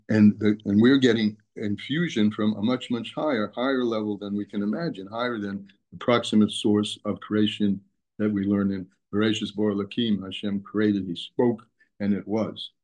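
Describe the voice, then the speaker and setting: A man's voice: on the low side, darkish tone. A man teaching a daily text lesson, explaining patiently, restating his terms, and using for the terms he quotes. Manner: explanatory, repeats and restates terms, mixes Hebrew terms into English. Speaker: Torah teacher.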